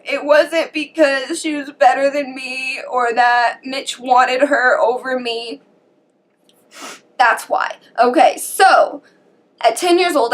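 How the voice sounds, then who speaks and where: A young woman talks to her camera in a slow, halting way, telling a painful story from her own life. Her voice sits a little high and stays shaky, often on the edge of tears. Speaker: vlogger.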